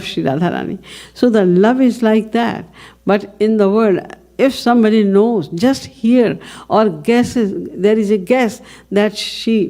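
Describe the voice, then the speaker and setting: Mellow-voiced woman giving a devotional lecture. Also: medium pitch. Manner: measured storytelling, poses and answers own questions. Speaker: spiritual lecturer.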